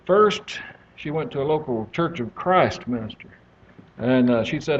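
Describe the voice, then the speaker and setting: A man's voice: medium pitch, animated, unhurried. A man from East Texas with a Texan accent, a guest speaker giving a folksy sermon that opens with a joke. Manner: drawling, joking storyteller. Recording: dull lo-fi audio with faint hiss.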